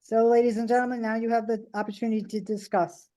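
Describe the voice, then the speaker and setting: A woman's voice: fairly high pitch, quick pace. A woman chairing a city planning and zoning commission meeting, calling motions and votes in a procedural manner. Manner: procedural, steady.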